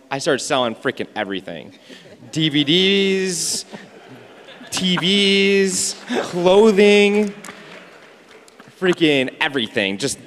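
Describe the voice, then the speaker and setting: A man telling a personal story on stage at an event, animated and laughing as he goes, sometimes swearing. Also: fairly high pitch. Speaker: event speaker. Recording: echoey event hall.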